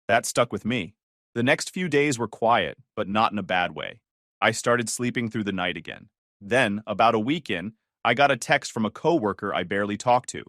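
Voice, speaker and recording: A man narrating a first-person story in a calm, detached, dryly sarcastic manner. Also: lowish voice, moderate pace, no echo, clean studio sound.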